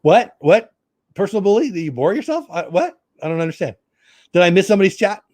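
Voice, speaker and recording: A man's voice: high-pitched, sing-song, fast, a little mellow, no room sound. A middle-aged man hosting a casual live stream, chatting and greeting viewers by name. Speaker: YouTube live stream host.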